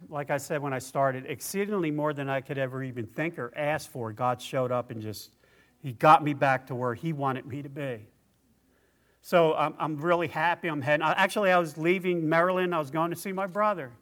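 A man preaching a personal testimony sermon, tearful and halting, restarting his phrases often. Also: medium pitch, fairly bright tone.

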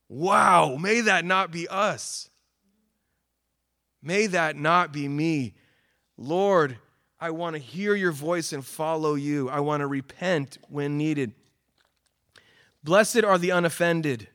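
Guy preaching, kinda high voice, earnest, gets loud then goes real quiet. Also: measured pace. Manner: earnest, rising to emphatic calls then dropping quiet. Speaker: pastor. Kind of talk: sermon.

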